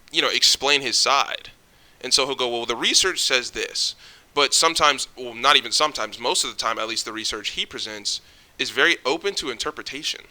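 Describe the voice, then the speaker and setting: Ranting to camera, this young vlogger sounds jittery, keeps stumbling and starting over, and curses a lot. He has a mid-range voice with a sharp tone.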